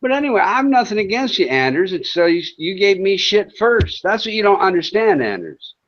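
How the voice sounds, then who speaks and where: A man's voice: sits high, sing-song, a little fast, fairly bright tone. A man hosting a livestream, ranting at chat trolls in a profane, taunting, sarcastic way. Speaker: livestream host. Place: home in Thailand. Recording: dull lo-fi stream audio.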